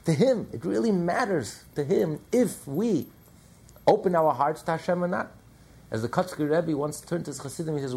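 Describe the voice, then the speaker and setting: Gravelly-voiced man teaching a Torah class. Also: on the high side, normal speed. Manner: animated, asks and answers his own questions.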